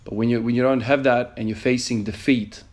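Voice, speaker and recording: A man's voice: medium pitch, fairly even intonation, brisk, a little mellow. A man in his thirties, an emergency nurse, earnestly telling a story in a motivational vlog with many fillers. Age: 30s.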